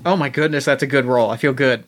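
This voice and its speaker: A man playing a tabletop role-playing game, talking in halting restarts and explaining the rules. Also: mid-range voice, a little hiss or hum. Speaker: player. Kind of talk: casual tabletop game play.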